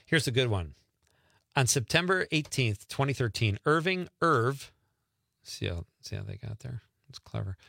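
A man hosts a radio show with a joking, animated delivery. His pitch leaps around expressively and his tone is bright and forward. The sound is dry, close studio audio. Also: normal speed, creaky, dry recording. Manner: jokey, animated, laughs often. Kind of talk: casual radio banter.

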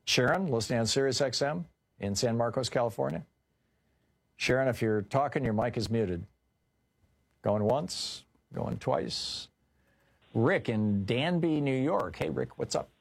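A man hosting a call-in radio talk show, briskly steering callers along and moving to the next one. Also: mid-range voice, animated, creaky, husky.

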